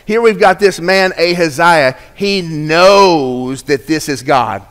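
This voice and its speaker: A male pastor preaching a sermon, swinging from hushed, slow phrases to emphatic, raised lines. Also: on the high side, in a large hall.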